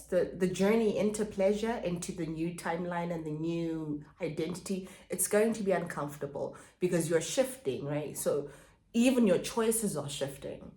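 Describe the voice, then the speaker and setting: Woman coach with a low voice talking self-help into her camera, repeats stuff for emphasis, roomy echo. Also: a little mellow. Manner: reflective and repetitive, stresses key phrases. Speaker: pleasure and spirituality coach. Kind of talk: self-help vlog monologue. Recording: echoey room.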